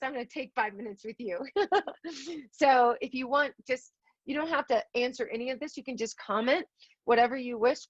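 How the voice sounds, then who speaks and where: An earnest woman delivers a heartfelt keynote over a video call, emotional and repeating phrases for emphasis. Her voice sits on the high side, with no echo, and the audio is dry and a bit dull.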